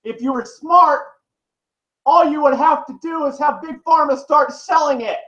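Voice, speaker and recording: A man's voice: very high-pitched, measured pace, pushed and bright. A man vlogger in pain, delivering a heated, profane, rambling rant to the camera. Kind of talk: angry direct-to-camera rant. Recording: echoey room, dull lo-fi sound.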